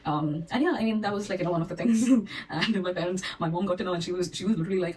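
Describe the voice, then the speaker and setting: A woman's voice: fairly low pitch, animated, fast talker, a little mellow, breathy edge, recorded from a distance, rough recording. A young college student woman, answering viewer questions in a casual, rambling, self-deprecating way while she has a cold. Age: young adult. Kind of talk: casual Q&A vlog. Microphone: phone.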